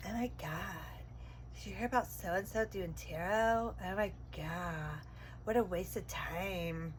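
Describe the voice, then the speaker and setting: A woman putting on the voice of a sneering gossip who mocks tarot, speaking low and hushed. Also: slow pace, background noise.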